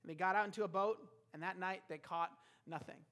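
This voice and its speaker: A man's voice: high voice, steady tone, fairly quick, a bit bright. A man preaching a sermon, retelling a scripture story and acting out the characters' lines.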